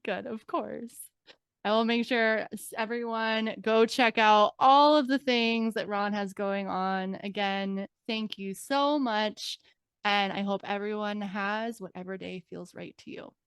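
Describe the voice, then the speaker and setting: A woman's voice: mid-range voice, measured pace, a bit bright, clean tone, no echo, clean studio sound. A woman hosting a podcast, giving short playful affirmations and closing the episode. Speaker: podcast host. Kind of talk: casual interview chat.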